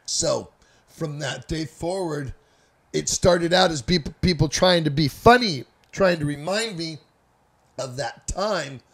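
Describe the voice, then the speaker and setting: A man's voice: fairly high pitch, a little slow, a bit bright, breathy edge. A man from Northern California telling a loose, rambling, profane story in a casual chat. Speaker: storyteller guest.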